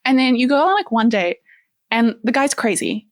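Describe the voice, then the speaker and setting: Playful, chatty female host with a New Zealand accent, voice a bit high, dry recording. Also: animated, normal speed, dry recording. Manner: chatty, playful, many "like" fillers. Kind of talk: casual chat.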